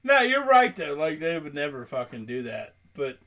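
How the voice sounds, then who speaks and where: A man's voice: a little high, sing-song, normal speed, a bit bright. A man co-hosting a podcast, chatting casually in loose, profane banter and laughing often. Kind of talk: casual chat.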